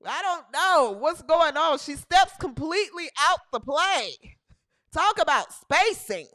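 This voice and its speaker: Woman, host, comedic highlight commentary, high voice, very animated delivery, laughing, repeats lines for emphasis. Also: takes it slowly. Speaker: host of a women's basketball comedy show.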